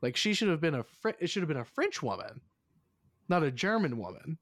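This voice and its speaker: A man's voice: fairly high pitch, big pitch swings, fairly quick, a bit bright, dry recording, studio quality. A man hosting a casual movie review podcast, rambling and filler-heavy, swearing now and then. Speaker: podcast host.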